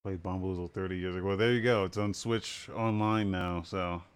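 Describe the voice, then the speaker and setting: A relaxed young man co-hosts a casual gaming podcast in a very deep voice. His tone is smooth and resonant. He laughs often and works his way through the news with easygoing restarts. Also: fairly quick. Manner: relaxed, laughs often, many fillers and restarts while explaining. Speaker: podcast co-host.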